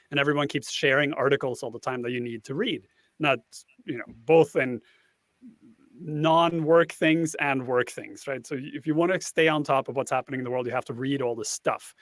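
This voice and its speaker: A man's voice: mid-range voice, a bit bright, no room sound. A man, a guest on a casual panel chat, explaining a tool at length and thinking aloud as he goes.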